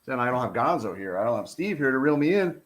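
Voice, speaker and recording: With a quick pace and a mid-range voice, a middle-aged retired cop from the US reads a report aloud with casual commentary, blunt and profane, heated and animated.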